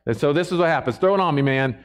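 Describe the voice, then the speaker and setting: A man's voice: fairly high pitch, animated, racing. A man preaching a sermon to a church congregation in a conversational way, often checking in with the listeners.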